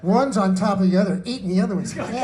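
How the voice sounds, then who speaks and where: A man's voice: sits high, very noisy. A man who sings his own country songs to guitar and then tells their stories in a chatty, laughing way, at a book release party. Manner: chatty, laughing storyteller with fillers. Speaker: singer-songwriter telling song stories.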